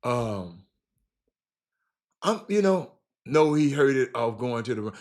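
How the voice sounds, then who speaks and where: Taking things slowly, a medium-pitched man runs a livestream where he banters about basketball and responds to chat. His manner is animated and teasing toward the readers, and he tends to repeat himself.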